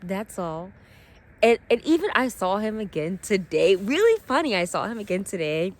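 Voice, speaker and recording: Excitable rambling woman vlogging outdoors. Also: mid-range voice, a little fast. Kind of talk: casual rambling storytelling. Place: outdoors by water at sunset. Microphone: phone held above the water.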